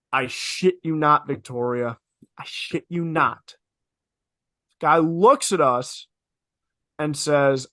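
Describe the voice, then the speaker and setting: Bright-toned young man telling stories. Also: a little high, slow pace, pauses often, no room sound, clean studio sound. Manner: animated, emphatic, swears freely, repeats for effect. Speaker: podcast co-host. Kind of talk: casual podcast storytelling.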